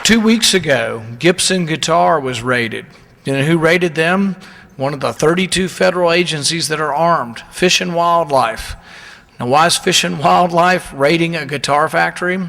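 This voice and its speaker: A man's voice: a little high, normal speed, vocal fry, fairly bright tone, some chatter behind. Indignant man speaking in a hall. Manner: indignant, emphatic, storytelling. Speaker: politician giving a speech. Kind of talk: public speech.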